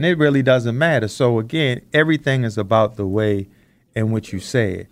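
A man co-hosting a podcast, talking in an earnest, reflective way as he slowly builds his points. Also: medium pitch, no room sound. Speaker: podcast co-host. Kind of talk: casual discussion.

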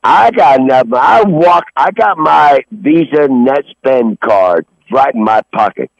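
Brief: gruff profane male caller, rambling and angry, cold and sniffling, muffled dry phone sound. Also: mid-range voice, no room sound. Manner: rambling, angry, swearing constantly. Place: outdoors behind a grocery store in snow.

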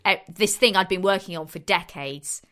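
A British woman with a bright, forceful, lowish voice talks earnestly about her work. Her delivery is animated and sincere. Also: moderate pace. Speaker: podcast co-host, scientist. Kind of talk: casual podcast conversation.

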